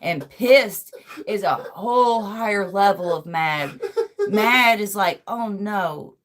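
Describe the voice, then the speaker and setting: A podcast host from the American South chats casually in a medium-pitched, fairly bright voice at a slow pace. She rambles, swears freely and says "like" constantly.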